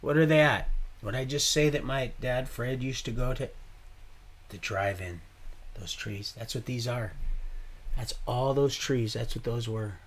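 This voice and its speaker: A man's voice: medium pitch, measured pace. A man streaming live, telling rambling, profane stories in a casual way. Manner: rambling, profane, swearing often. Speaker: livestreamer.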